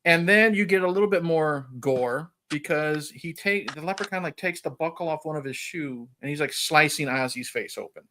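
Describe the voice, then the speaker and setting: Bright-voiced man, casual podcast host. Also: on the high side, normal speed, few pauses, slight background noise. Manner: rambling, chuckling retelling with frequent "you know". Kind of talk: casual chat recapping a film.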